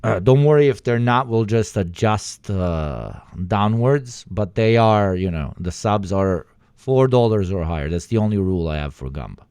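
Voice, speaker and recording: A man hosting a livestream in casual chat, excitable and swearing, pleading loudly with his viewers. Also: on the low side, normal speed, clear, resonant tone, no room sound, clean studio sound. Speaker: livestream host.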